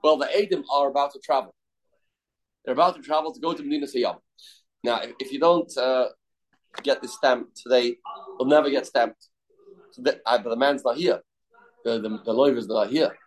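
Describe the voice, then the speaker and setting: A man's voice: medium pitch, fairly even intonation, normal speed, pauses often, rough recording. A man teaching a daily Talmud class, explaining loosely with restarts and of terms.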